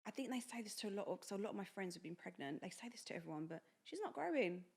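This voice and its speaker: In a mid-range voice and at a rapid-fire clip, a young woman on a podcast tells a personal anecdote as co-host. It's casual, lively talk where she acts out what others said.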